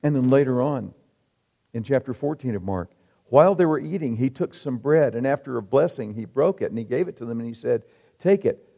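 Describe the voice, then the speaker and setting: A male pastor delivering a sermon, emphatic, with rhetorical questions and dramatic pauses. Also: mid-range voice, animated, vocal fry. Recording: reverberant hall, dull lo-fi sound.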